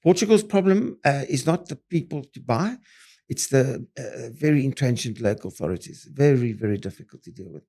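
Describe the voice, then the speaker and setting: A man's voice: mid-range voice, a little fast. Older South African man telling punchy stories. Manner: animated, punchy storyteller with many fillers and restarts. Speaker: property developer guest. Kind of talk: interview storytelling.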